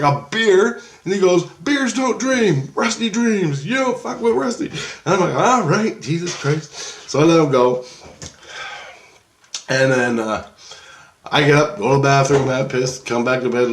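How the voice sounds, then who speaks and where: A man's voice: medium pitch, echoey room. Rambling, profane man. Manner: rambling, excitable, profane, acts out the dialogue. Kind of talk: casual rambling storytelling.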